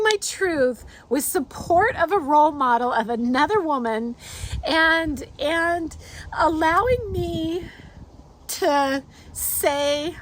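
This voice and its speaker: A woman's voice: very high-pitched, slow pace, slight background noise. A woman telling a personal story outdoors in a heartfelt, rambling way, with many fillers and restarts. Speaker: artist and host.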